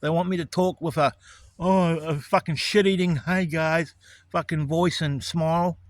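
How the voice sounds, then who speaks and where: A man's voice: on the high side, fairly even intonation, moderate pace, dry recording. A man, ranting in an angry, profane monologue about righteous indignation. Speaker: vlogger.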